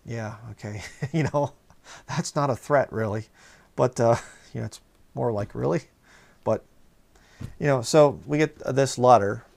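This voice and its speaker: A man's voice: medium pitch, gravelly, darkish tone. A man preaching a sermon, telling a rambling personal story full of fillers and rising into heated outbursts.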